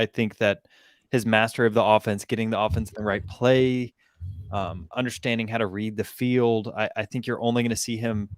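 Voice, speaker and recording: A man's voice: fairly low pitch, no echo, clean studio sound. A man on a casual college football podcast, explaining stats with frequent ums and self-corrections.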